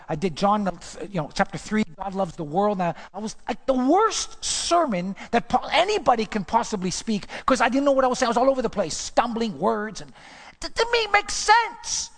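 A man preaching a sermon, telling a personal story in a lively way and jumping his voice up when he acts out what he said. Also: very high-pitched. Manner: animated storytelling, voice jumps up when acting out his own words. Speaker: pastor. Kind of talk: sermon testimony. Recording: long hall reverb.

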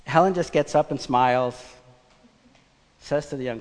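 A man preaching a sermon, telling a personal story in a conversational, animated way. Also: medium pitch, normal speed, pauses often. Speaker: pastor. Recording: long church reverb.

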